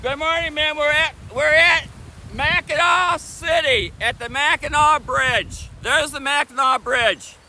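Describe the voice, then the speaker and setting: Very high, bright-voiced chatty male streamer. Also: a little slow, rough recording. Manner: chatty, repeats himself, greets and answers chat. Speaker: live streamer. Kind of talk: casual outdoor live stream. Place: outdoors on a beach by a busy bridge. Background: traffic and wind noise.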